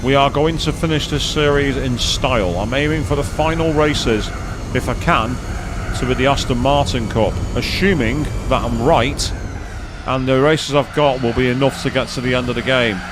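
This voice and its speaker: A man chatting excitedly as he commentates his own racing game play, thinking aloud to viewers. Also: mid-range voice, normal speed, noisy background. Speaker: gaming streamer. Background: game music and engine sounds.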